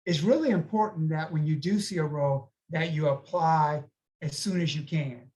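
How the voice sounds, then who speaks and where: A man's voice: a little high, normal speed, a little mellow, low-quality recording. A man working as a recruiter, giving conversational career advice on a panel and checking in with his listeners as he goes. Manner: conversational, advising with frequent "okay?" check-ins.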